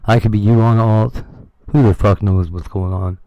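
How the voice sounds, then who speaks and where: A man's voice: on the low side, steady tone, moderate pace, mellow, muffled recording. A man chatting casually on a livestream, rambling and candid, swearing freely. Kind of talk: casual chat.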